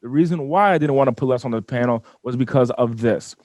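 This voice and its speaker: A man telling a personal story as an interview guest, animated and often repeating and restarting his words. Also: mid-range voice, quick pace, dry recording. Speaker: business owner guest. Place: studio.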